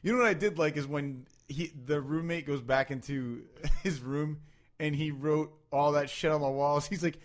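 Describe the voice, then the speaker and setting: A man co-hosting a podcast, talking about movies in a loose, animated way, with lots of swearing and laughter. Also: a little high, moderate pace. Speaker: podcast co-host. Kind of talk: casual chat about movies.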